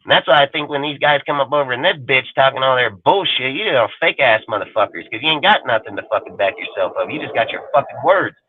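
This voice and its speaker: A man's voice: mid-range voice, animated, fast talker, hardly any pauses, a little hiss or hum. Man ranting angrily over a tinny line. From California. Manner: aggressive, swaggering, heavy swearing. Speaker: fan channel host. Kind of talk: profane livestream rant. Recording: tinny phone-like sound.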